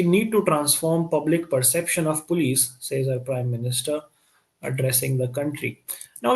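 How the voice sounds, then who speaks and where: A man's voice: on the high side, a little mellow. A man with an Indian accent teaching a live-streamed current affairs lesson, switching between Hindi and English in a chatty way and encouraging his viewers.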